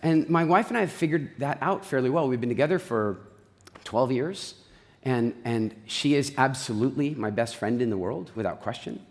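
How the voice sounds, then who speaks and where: Middle-aged male stage speaker, animated storyteller, mid-range voice, reverberant hall. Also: medium pitch. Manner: animated storytelling, acts out quotes, then slow guided relaxation. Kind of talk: motivational stage talk. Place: large hall with audience.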